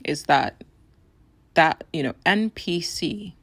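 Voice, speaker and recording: A woman hosting a solo podcast, talking in an earnest, persuasive way with a raspy, hoarse voice. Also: on the low side, expressive, slow, a bit bright, dry recording. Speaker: podcast host.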